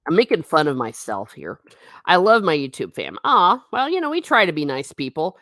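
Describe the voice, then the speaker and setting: A woman's voice: low voice, sing-song, normal speed, a bit bright, dry recording, clean studio sound. A middle-aged woman hosting a casual livestream chat, reading viewer comments and laughing often with self-mocking asides.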